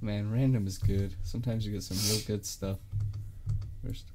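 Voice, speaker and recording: A man's voice: fairly low pitch, steady tone, moderate pace, background noise. A man in his mid-twenties chatting casually while browsing pictures, with wry, dry remarks. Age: 20s. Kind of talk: casual chat browsing images.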